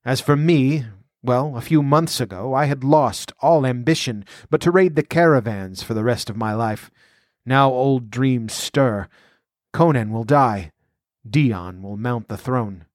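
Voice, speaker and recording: A man voicing a scheming, ambitious outlaw noble who speaks in a measured, scornful, domineering way. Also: mid-range voice, no echo, studio quality, lightly acted.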